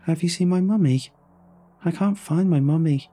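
A man's voice: fairly high pitch, moderate pace, mellow, pitched above the performer's own voice, lightly acted. Man doing a tiny lost little girl. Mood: flat, lost. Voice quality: tiny, emotionless voice. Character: small lost girl, soaked, flat tiny voice.

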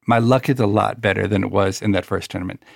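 Gravelly man telling an anecdote. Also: lowish voice, steady tone, fast, no room sound, clean studio sound. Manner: wry anecdotal storyteller. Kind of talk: conversational storytelling.

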